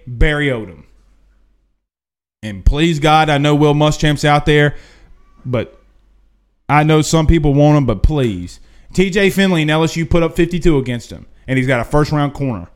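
A man hosting a casual livestream, answering chat questions in an excitable, emphatic, repetitive way. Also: on the high side. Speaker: livestream host.

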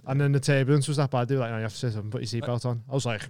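A man's voice: mid-range voice, steady tone, very fast, background noise. A young man hosting a podcast, trading crude jokes and laughing often. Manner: laughing, jokey, crude banter. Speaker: podcast host. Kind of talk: casual chat.

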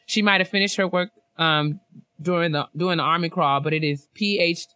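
A young woman co-hosting a laid-back chat show, reading listener messages with animated asides and easy laughter. Her voice is bright and crisp. The recording is close and dry. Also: on the low side, brisk, dry recording. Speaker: podcast co-host.

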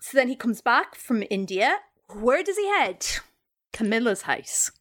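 A woman hosting a comedy podcast, telling a long story in a quick, animated way. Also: high-pitched.

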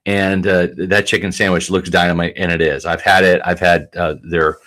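Low-voiced man hosting a sports stream. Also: little pitch movement, normal speed, fairly bright tone. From Tampa area, Florida. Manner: easygoing, plugs sponsors, chatty. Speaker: sports show host. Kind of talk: live stream sports chat.

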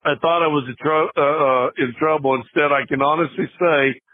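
An older man tells a long, laughing story in a slightly high, husky voice. He restarts often as he talks. His voice comes through a thin, tinny phone line. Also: steady tone, moderate pace. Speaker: podcast guest, former basketball player. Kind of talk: casual storytelling.

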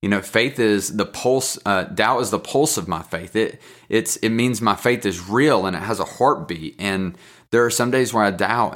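Male podcast host, North Carolina accent, deeper voice, heartfelt and encouraging, casual solo talk. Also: a bit bright. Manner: earnest, encouraging, openly emotional.

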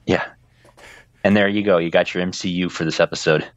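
A man's voice: sits low, fairly even intonation, brisk, no echo, muffled recording. A man co-hosting a podcast, chatting about movies in a wry, playful way. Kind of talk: casual movie-discussion chat.

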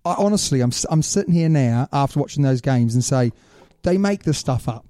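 A man talking rugby in an easygoing, opinionated way, his voice deep-toned and mellow. The sound is dry and close, with no room around it. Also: a little fast, dry recording. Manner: animated, opinionated, says "mate". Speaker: rugby podcast host. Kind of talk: casual chat.

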